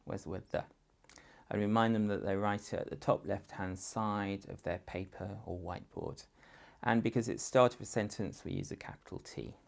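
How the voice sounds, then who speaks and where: A male teacher speaks in a low register with a gravelly, creaky edge. He talks slowly and patiently, sounding out letters and words one at a time. His manner is that of a primary school teacher guiding parents. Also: steady tone. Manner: slow, patient, demonstrates sentences and sounds in different voices. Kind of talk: instructional talk to parents.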